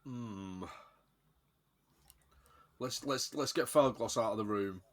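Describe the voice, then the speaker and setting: A man's voice: on the low side, slow, a bit bright. A man playing in a tabletop game, asking questions in a plain, thoughtful way. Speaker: player. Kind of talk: casual tabletop game play.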